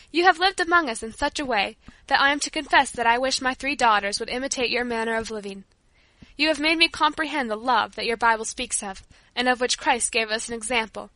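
A woman's voice: a little high, pushed and bright, dry recording. A woman voicing a middle-aged father who speaks earnestly, in a storybook reading. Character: stern but repentant father, middle-aged man.

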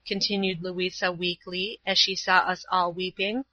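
A woman reading a novel chapter aloud in an even, measured narration. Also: on the low side, no echo, dull audio. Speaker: audiobook reader. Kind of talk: scripted narration.

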